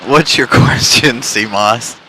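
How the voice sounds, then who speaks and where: Southern man streamer, bright lowish voice, faint traffic behind, laughs a lot while reading chat. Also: slow pace, low-quality recording. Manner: jokey, laughs often, self-mocking. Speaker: live-stream host plane spotting. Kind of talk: casual live-stream chat reading comments. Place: outdoors on top of a parking garage.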